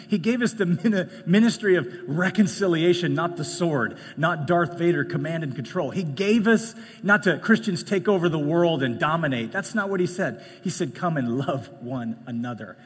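A male pastor with a husky, slightly high voice preaches a conversational sermon, swinging between loud emphatic points and quiet asides. His words carry a long reverb, as if ringing through a big church hall.

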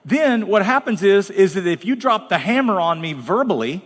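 A man's voice: high-pitched, expressive, normal speed, long reverb tail. A man preaching as pastor, talking bluntly and conversationally with dramatic asides. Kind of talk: sermon. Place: large church hall.

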